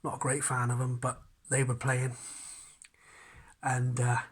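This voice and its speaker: Casting: man, husky voice, chatty storyteller. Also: medium pitch, completely flat delivery, measured pace. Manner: chatty storyteller, acts out quotes. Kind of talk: casual anecdote.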